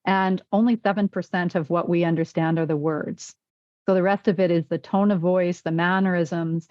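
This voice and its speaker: A woman's voice: fairly low pitch, fairly even intonation, normal speed, a little mellow, no echo, lo-fi sound. A woman physician and wellness coach in a podcast interview, telling stories and acting out quoted dialogue.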